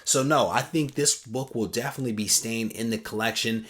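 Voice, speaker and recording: A man hosting his own channel, chatting casually as he unboxes and reads fan mail, relaxed with many pauses. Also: mid-range voice. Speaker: comic collecting channel host.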